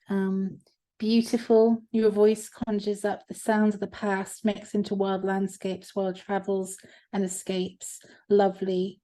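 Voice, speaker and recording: A woman co-hosting an online event on a video call, reading out chat comments warmly and emotionally. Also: medium pitch. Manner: emotional, laughing, tearful. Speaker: co-host.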